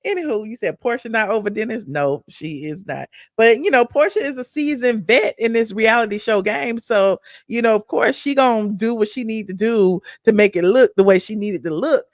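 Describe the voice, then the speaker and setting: A woman with a Southern American accent, hosting a show where she recaps a reality show and chats with her viewers in a sassy, animated way. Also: fairly high pitch, moderate pace, hardly any pauses, no echo, clean studio sound. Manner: chatty, sassy, animated storytelling. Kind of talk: casual chat with live chat.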